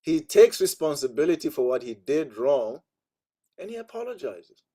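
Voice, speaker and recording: A man's voice: a little high, very animated, moderate pace, dark tone, husky. A man teaching an online spiritual class, telling a story in a conversational way with frequent asides.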